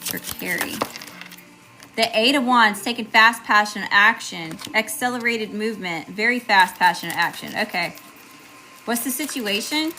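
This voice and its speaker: A woman's voice: medium pitch, normal speed, bright, forceful tone, a little hiss or hum. A woman with a Southern accent doing a live tarot reading, chatty and casual, greeting viewers by name between cards. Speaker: tarot reader.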